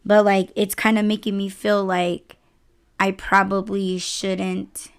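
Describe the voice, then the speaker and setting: A woman's voice: mid-range voice, slow pace, clear, resonant tone. A woman podcast host, a delivery driver, telling a story in a casual, exasperated rant full of swearing. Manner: profane, exasperated, animated retelling.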